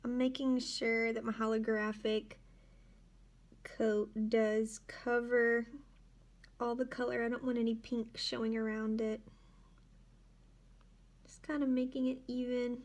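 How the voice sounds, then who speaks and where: A woman's voice: a little high, flat delivery, measured pace, long pauses. A woman hosting a casual home tutorial, chatting unhurriedly and narrating each step as she works in her dining room. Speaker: nail tutorial host. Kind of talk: casual how-to demonstration.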